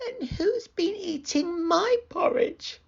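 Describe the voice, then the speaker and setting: A tiny baby bear cub with a squeaky, high little voice, put on by a man reading a storybook. The sound is dull and lo-fi. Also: lively intonation, slow pace, creaky, heavily acted. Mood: whiny.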